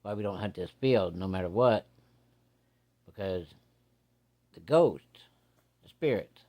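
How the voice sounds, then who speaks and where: A man voicing an older rural hunter in a story, gruff, blunt and superstitious, with folksy talk. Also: low-pitched, takes it slowly, dull audio, exaggerated voice.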